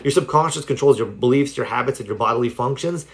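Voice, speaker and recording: A man's voice: mid-range voice, fast. A man giving a casual self-help talk on a livestream, telling stories loosely with lots of "like" and "you know". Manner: rambling storytelling with many fillers. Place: home livestream.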